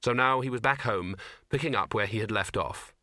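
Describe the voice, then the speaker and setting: A man narrating a comic fantasy audiobook with dry, expressive storytelling. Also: mid-range voice, fairly quick, no room sound. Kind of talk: scripted narration.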